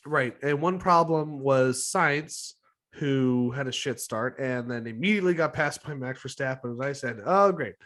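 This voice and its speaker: A man's voice: mid-range voice, normal speed, a bit bright. A man co-hosting a podcast in casual, rambling chat, swearing freely. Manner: rambling, profane, chuckling. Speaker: podcast co-host.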